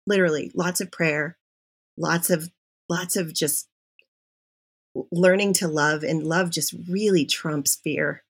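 A middle-aged woman, a podcast guest, telling her personal story in an animated, confessional way. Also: deep voice, slow, pauses often, husky. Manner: animated and confessional, with self-interruptions.

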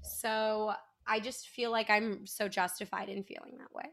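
A woman co-hosting a podcast in casual chat, animated and joking with dramatic flair. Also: medium pitch, a little slow, gravelly. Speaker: podcast co-host.

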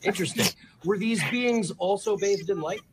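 An actor playing a government official asking measured, formal questions. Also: medium pitch, very noisy, lightly acted. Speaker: government interviewer.

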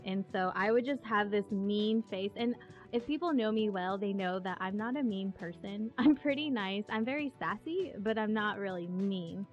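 A woman chatting casually and animatedly, exclaiming often as she talks. Her voice sits at a middle pitch. The audio is dull and lo-fi, with faint music underneath. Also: lively intonation, normal speed. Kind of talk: casual chat.

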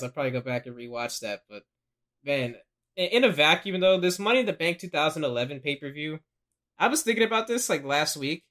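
High bright-voiced guy chatting on a podcast, laughs a lot, acts stuff out. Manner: animated, laughs often, acts out quotes. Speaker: podcast host. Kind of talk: casual podcast chat.

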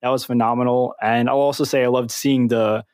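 A man's voice: mid-range voice, level tone, fairly quick, a little mellow, no echo, clean studio sound. A man co-hosting a casual interview, gushing with enthusiastic praise. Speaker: podcast co-host.

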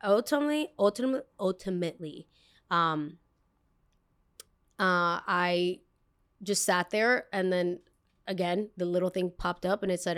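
A woman hosting a podcast, telling a story in a rambling, expressive way and swearing casually. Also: lowish voice, measured pace, pauses often, smooth. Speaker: podcast host.

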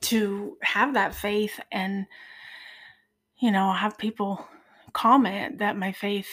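A woman in her forties, a podcast guest, telling a personal faith testimony in an earnest, soft-spoken way that sometimes drops almost to a whisper. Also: medium pitch, steady tone, takes it slowly. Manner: earnest, tearful at moments.

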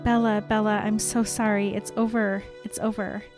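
A woman voicing a gentle young male vampire comforting a girl, in a soft, soothing read. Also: mid-range voice, little pitch movement, moderate pace, music in the background, close to an everyday voice.

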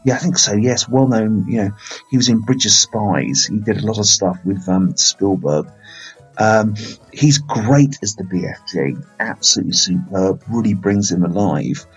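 Husky-voiced man chatting about films. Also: on the low side, moderate pace, highs cut off, faint music behind. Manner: rambling, playful, filler-heavy. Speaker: film reviewer, podcast host. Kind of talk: casual film review chat.

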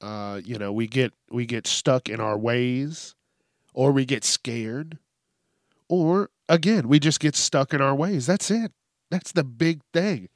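A man's voice: medium pitch, slow pace, no room sound, clean studio sound. A man hosting a solo podcast, joking and cursing often as he talks through listener questions. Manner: profane, joking, laughs often. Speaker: podcast host.

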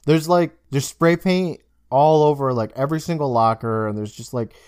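His voice is mid-range and clean, at a moderate pace, as this young podcast co-host recaps a TV episode casually. He's an animated storyteller, voicing the characters' lines himself. Clean studio sound with no room sound.

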